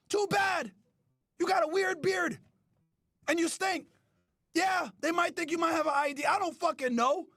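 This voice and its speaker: A man hosting a podcast, ranting loudly with profanity, often shouting and mocking others in whiny put-on voices. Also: very high voice, moderate pace, long pauses, no echo, clean studio sound. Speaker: podcast host. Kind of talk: ranting commentary.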